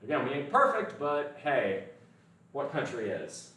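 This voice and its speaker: A man's voice: mid-range voice, very animated, a little slow, pushed and bright, far from the mic. An American man hosting a casual fitness livestream, talking bluntly and swearing freely. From United States. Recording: echoey room, voice from off the mic.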